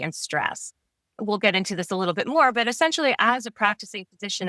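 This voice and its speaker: A middle-aged woman with a Long Island accent speaks as a podcast guest, explaining medical matters in an articulate, patient way. Her voice is bright and forward. The sound is close and dry, with no room around it. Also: mid-range voice, no room sound. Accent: Long Island New York. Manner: articulate, explanatory, laughs easily. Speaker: retired medical oncologist, guest. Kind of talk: podcast interview.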